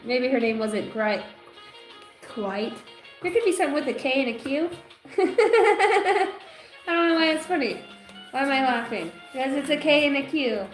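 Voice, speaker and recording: A woman's voice: sits high, lively intonation, moderate pace. A woman hosting a tarot livestream in casual chat, rambling and crude, with a loose, joking delivery. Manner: rambling and crude, breaks into laughter and song snippets. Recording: echoey room with faint music.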